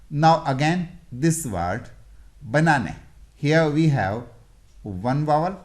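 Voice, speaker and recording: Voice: mid-range voice, darkish tone. An English teacher giving an explanatory lesson, repeating and sounding out example words.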